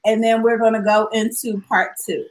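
A woman's voice: on the high side, flat delivery, moderate pace, rough recording. A woman co-hosting a podcast in casual chat, often laughing as she talks. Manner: laughs a lot while talking. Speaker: podcast co-host.

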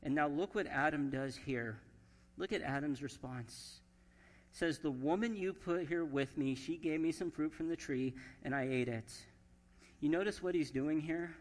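A man's voice: fairly high pitch, normal speed. A man preaching a sermon as pastor, his voice sitting a little above the usual male range. He reads scripture aloud and gives the quoted lines their own emphasis. The sound carries the long reverb of a church sanctuary.

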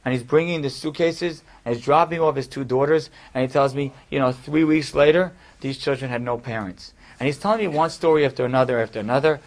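A man's voice: mid-range voice, fairly quick, few pauses. A man, a rabbi, telling a story to his class in a conversational way with casual asides.

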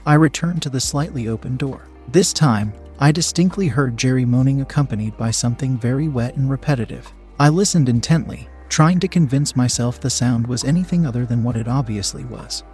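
A man's voice: mid-range voice, a little fast, hardly any pauses, darkish tone, faint music behind. A man narrating a first-person story in a tense, confessional way.

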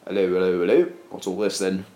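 A man putting on a hearty, brusque policeman of the old school, bluff and clipped in his speech. His voice sits low, and the room rings around it. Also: quick pace, warm tone, roomy sound, slight background noise. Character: jolly old-fashioned male police officer, brusque.

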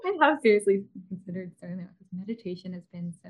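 A woman's voice: lowish voice, fast, a little mellow. A woman in her thirties hosting a podcast, talking casually with lots of fillers and restarts. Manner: chatty, many fillers and restarts. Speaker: podcast host. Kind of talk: casual interview chat.

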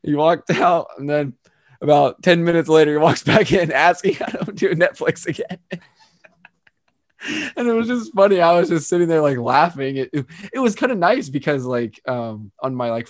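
A young man in casual chat, relaxed, laughing often and trailing off with fillers. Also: on the high side, moderate pace, no echo, clean studio sound.

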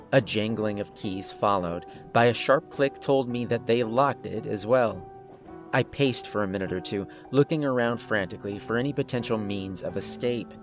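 A man narrating a first-person horror story in a tense, scripted way. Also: fairly low pitch.

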